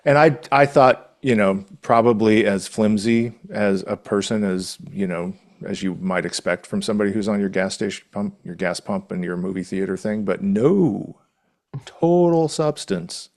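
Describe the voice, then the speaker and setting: A podcast co-host chats casually and enthusiastically, rambling and restarting often. His voice is fairly low, a little mellow, and at normal speed.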